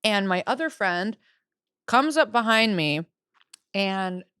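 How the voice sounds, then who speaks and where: A woman's voice: mid-range voice, expressive, takes it slowly, a bit bright, smooth, no room sound, studio quality. A woman co-hosting a podcast in casual chat, blunt and crude, laughing often. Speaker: podcast co-host.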